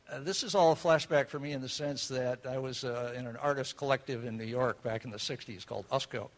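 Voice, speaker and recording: A man hosting a seminar, introducing the speakers in a relaxed, rambling way with many fillers. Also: mid-range voice, fairly quick, hardly any pauses. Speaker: host.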